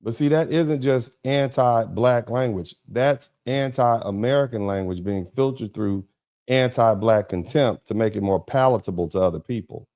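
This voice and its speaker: A man's voice: medium pitch, moderate pace, a little mellow. A middle-aged man hosting a commentary livestream, emphatic and repetitive, with sarcastic asides to his chat. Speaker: host of a commentary broadcast.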